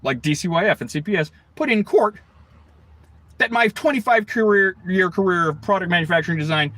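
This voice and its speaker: A man's voice: sits high, lively intonation, brisk, fairly bright tone, no echo. A middle-aged man from the United States hosting a livestream, ranting in a rambling, profane way, swearing heavily and jumping between tangents. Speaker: livestream host.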